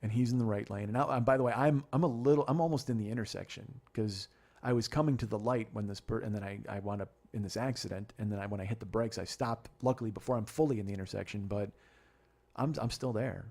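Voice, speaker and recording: A gravelly, husky-voiced middle-aged man tells a rambling story on his own podcast. He talks fast, swears freely and gets more animated as he goes. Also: fairly low pitch. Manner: profane, rambling, animated retelling. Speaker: podcast host. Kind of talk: storytelling monologue.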